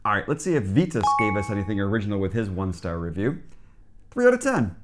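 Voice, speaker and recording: A man's voice: on the low side, very animated, fast, heavy background noise. A man co-hosting a casual reaction chat, tossing in dry, wry quips. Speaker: co-host.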